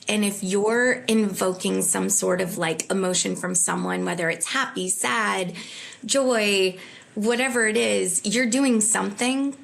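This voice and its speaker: A woman's voice: medium pitch, vocal fry. A woman comedian being interviewed, telling candid stories in an earnest, self-deprecating way. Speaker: comedian guest. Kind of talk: conversational interview.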